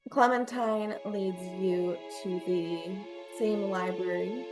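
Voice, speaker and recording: A woman game master narrating a tabletop game in a gentle, hesitant way with many fillers. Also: medium pitch, fairly even intonation, slow pace, over music.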